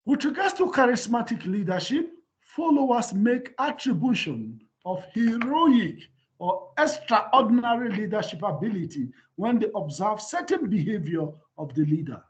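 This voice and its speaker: A man, a professor, giving a university lecture in an animated way and often asking his students whether they follow. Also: high voice. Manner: animated, repeats "can you see?". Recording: dull lo-fi lecture recording.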